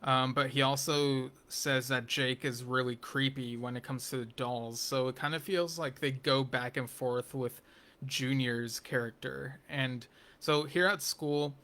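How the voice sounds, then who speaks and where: In this casual TV episode review, a man speaks at a relaxed, rambling pace with a steady, bright, forward voice that stays fairly even in pitch. He often loops around with ums and false starts and adds wry asides of a geeky sort.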